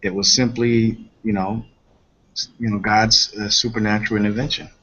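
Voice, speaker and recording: Male participant, low, relaxed, lo-fi call audio. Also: normal speed, breathy edge. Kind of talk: casual group video call. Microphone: video call. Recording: muffled video call with faint noise.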